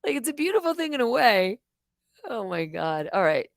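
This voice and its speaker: A middle-aged woman hosting a live stream, telling stories in a rambling, animated way with swearing and restarts. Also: on the high side, normal speed, gravelly, no echo. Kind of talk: casual live-stream monologue.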